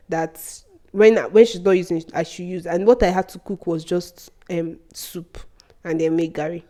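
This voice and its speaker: A young woman tells a story from her school days. She is animated and laughs often, and her voice jumps high whenever she acts out what was said. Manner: animated, laughs often, voice leaps up for quoted outbursts. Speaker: vlogger. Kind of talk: casual storytelling.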